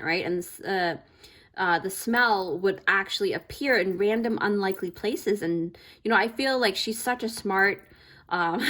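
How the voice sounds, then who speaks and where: A woman doing a casual tarot reading as a channel host, rambling with many fillers and restarts, warm and affirming in a spiritual way. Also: mid-range voice. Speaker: tarot reader.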